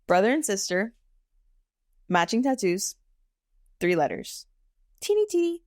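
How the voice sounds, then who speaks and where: A woman in her thirties, a tattoo artist, chatting casually on a podcast and telling stories in an animated way, often saying "like" and "okay?". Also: medium pitch, measured pace, dry recording, clean studio sound. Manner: animated storyteller, frequent "like" and "okay?". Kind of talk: casual podcast chat, storytelling.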